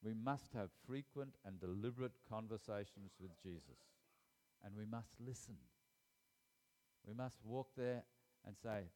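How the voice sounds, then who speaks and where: A man's voice: lowish voice, animated, slow, long pauses, a little mellow. A man preaching a sermon, reading scripture aloud and stressing key phrases with repetition and sudden rises in voice. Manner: emphatic, repeats key phrases, rises sharply for emphasis.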